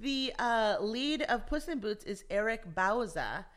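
A woman, an actress and voice actor, chatting as an interview guest and telling animated stories. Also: on the high side, unhurried. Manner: animated storyteller, acts out quotes. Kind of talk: casual interview chat.

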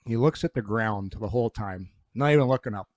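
A man's voice: on the low side, a little fast, darkish tone, no room sound. Ex-player broadcaster, man, rambling anecdotes with restarts, dry close sound. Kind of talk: casual chat, storytelling.

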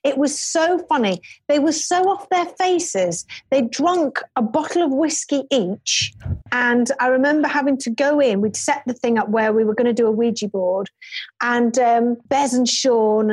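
High-voiced woman telling stories. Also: normal speed, slightly rough, no echo. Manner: animated storyteller, laughs often. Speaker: podcast guest. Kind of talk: casual chat.

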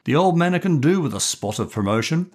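A man voicing a pompous older male colonel who speaks in a lordly, drawn-out way, with a husky voice. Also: on the high side, very animated, a little mellow, pitched above the performer's own voice. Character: old male country colonel, pompous, fond of chuckling.

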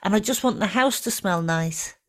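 A middle-aged woman co-hosting a podcast in casual chat, talking easily with fillers and gentle teasing. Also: medium pitch, moderate pace, soft background music. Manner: chatty, warm teasing, trailing fillers. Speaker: podcast co-host.

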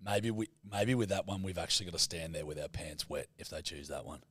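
A blunt, teasing man trading jokes with his co-host and swearing freely. His voice sits on the low side. The sound is close and dry, on a studio mic. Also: fairly quick, fairly bright tone, no room sound. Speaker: podcast co-host. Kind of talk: casual comedic banter.

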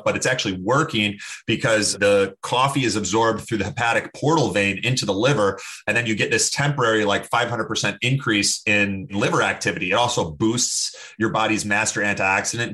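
A man speaking as a podcast guest, talking emphatically and telling stories in an opinionated, animated way. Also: fairly low pitch. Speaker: podcast guest, health expert. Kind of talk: casual interview talk.

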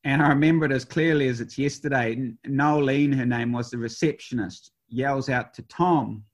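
A man's voice: mid-range voice, moderate pace. A man in his fifties, a race skipper, telling stories in a rambling way with lots of fillers and restarts. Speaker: professional sailor, race skipper. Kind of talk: conversational storytelling.

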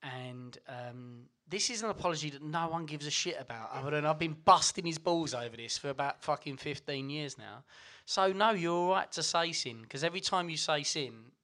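An Essex man in a loose podcast chat, ribbing his friends and swearing as he goes. His voice is strikingly bright. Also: on the high side, moderate pace, few pauses. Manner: swearing, laughing, teasing. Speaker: podcast co-host. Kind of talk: casual banter.

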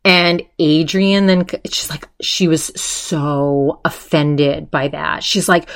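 A woman's voice: deep voice, fairly even intonation, takes it slowly, few pauses. A woman hosting a podcast, chatting casually as she retells a story, full of fillers and quoted voices. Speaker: podcast host.

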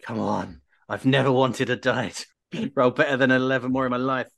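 A man's voice: medium pitch, steady tone, normal speed, gravelly, dry recording. A man playing in a tabletop game, reacting playfully and theatrically with frequent laughs. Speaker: player.

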